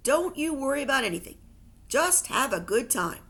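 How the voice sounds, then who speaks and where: A woman's voice: high-pitched, sing-song, moderate pace, a bit bright, heavily acted. A woman reading a novel aloud, voicing a doting mother who coos soothingly on the phone. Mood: cooing. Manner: cooing, soothing. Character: doting, cooing mother of a boy.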